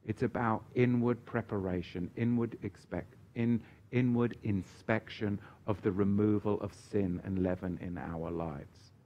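A man's voice: lowish voice, fairly even intonation, a little slow. A man preaching as he answers viewer questions on a Bible Q&A livestream, emphatic and chatty, with joking asides. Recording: dull lo-fi stream audio.

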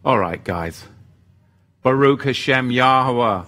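A man with a medium-pitched, expressive, fairly bright voice speaks at a slow pace. He hosts a faith-themed livestream, chatting casually and reading viewer comments aloud in a loose, self-deprecating manner, frequently trailing off mid-sentence.

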